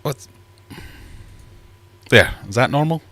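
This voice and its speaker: A man chatting on a home livestream, his pitch swinging up and down as he jokes. He teases himself and talks in a casual, rambling way, a bit out of breath. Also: animated, slow pace, sharp tone, no room sound. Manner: chatty, jokey, self-mocking. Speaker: livestream host. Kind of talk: casual live chat. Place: home fish room.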